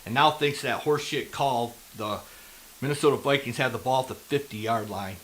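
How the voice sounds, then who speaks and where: A man's voice: mid-range voice, normal speed, a bit bright, a little hiss or hum. A man giving fan play-by-play commentary on a football game, ranting heatedly and profanely at the referees.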